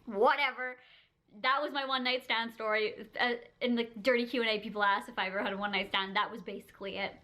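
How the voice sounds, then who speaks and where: Woman vlogger, casual storyteller, giggly and chatty, bright tone. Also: a little high, fairly even intonation, fast talker. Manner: chatty, heavy use of "like", frequent giggles.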